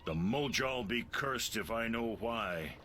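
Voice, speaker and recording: An actor voicing a gruff, sarcastic male sea captain in a video game, drawing out his mocking questions. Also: medium pitch, expressive, slow pace, sharp tone, slight background noise.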